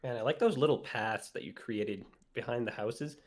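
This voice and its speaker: Male guest on a stream, relaxed and hesitant, mid-pitched, says "like" a lot. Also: normal speed. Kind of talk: casual chat.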